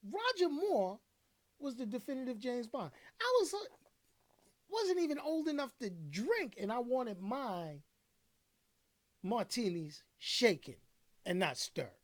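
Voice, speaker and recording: A man's voice: very high voice, sing-song, a little slow, long pauses. A man in his thirties hosting a casual livestream talk show alone, rambling in slangy speech with plenty of filler phrases.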